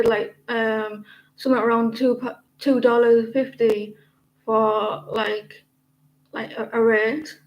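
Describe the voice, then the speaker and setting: A woman's voice: on the high side, low-quality recording. A British woman hosting a casual livestream, chatting with viewers in a rambling way with many fillers and restarts. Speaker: tarot livestream host.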